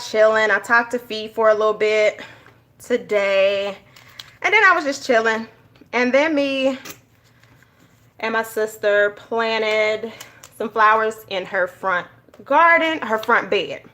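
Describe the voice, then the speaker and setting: Bright-voiced woman chatting. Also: fairly high pitch, takes it slowly. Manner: animated storytelling, addresses viewers as y'all. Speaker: journaling YouTuber. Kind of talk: casual chatty vlog while journaling.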